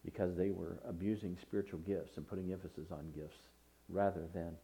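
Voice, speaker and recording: Guy preaching a sermon, lowish voice, super mellow and dark, leans hard into the scripture bits. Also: fairly even intonation, a little fast, creaky, poor audio. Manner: preaching with rising emphasis on scripture readings. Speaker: pastor.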